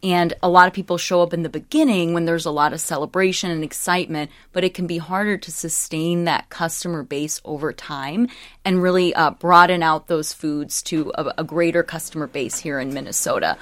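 A woman's voice: low-pitched, steady tone, a little fast, dry recording, clean studio sound. A woman interviewing a restaurant owner, asking encouraging questions with some fillers. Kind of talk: conversational interview.

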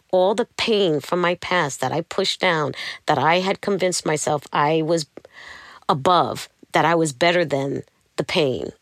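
A middle-aged woman telling her personal story in an interview, animated and acting out the people she quotes. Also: fairly low pitch, no echo, clean studio sound. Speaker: interview guest.

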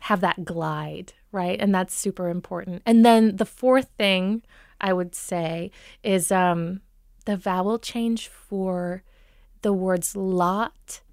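Woman, dialect coach; clear, smooth voice, dry close sound; patient explainer who demonstrates vowels. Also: on the low side, slow pace, a little mellow, no echo. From Minnesota. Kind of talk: explanatory interview answers.

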